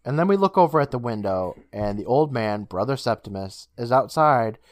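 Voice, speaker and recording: A man co-hosting a casual podcast, retelling a TV episode scene by scene with swearing and quick character imitations. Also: mid-range voice, dry recording, clean studio sound. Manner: animated, swears, mimics characters while recapping. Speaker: podcast co-host recapping an episode.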